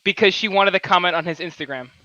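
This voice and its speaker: A man's voice: sits high, fast talker, pushed and bright, no room sound, highs cut off. A young man co-hosting a podcast, telling a story in a casual chat and laughing often as he talks. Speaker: podcast co-host.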